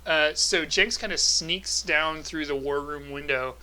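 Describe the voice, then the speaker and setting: A man narrating a tabletop game as game master, relaxed and full of filler sounds. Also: on the high side, unhurried, poor audio.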